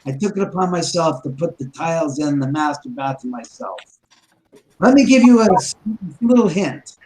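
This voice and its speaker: Animated man telling a ghost story. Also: a little high, normal speed, rough recording. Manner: rambling, animated, with many restarts and quoted dialogue. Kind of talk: casual storytelling chat.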